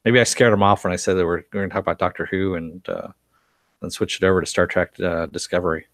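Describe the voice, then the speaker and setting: Deep-voiced and a bit bright, a man speaks at a quick pace with fairly even intonation on a dry recording. He hosts a casual TV-series recap stream, reading chat comments, laughing often, and rambling with plenty of fillers and restarts.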